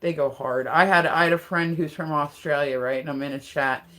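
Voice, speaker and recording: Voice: medium pitch, steady tone, a little fast, pushed and bright. A livestream host in casual chat, rambling with lots of fillers and frequent laughter.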